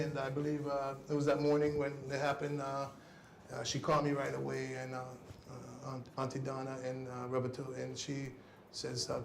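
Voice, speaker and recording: A man speaking as a guest on a cycling talk show, giving an earnest, halting spoken tribute that often trails off softly. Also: mid-range voice, vocal fry, reverberant, slight background noise.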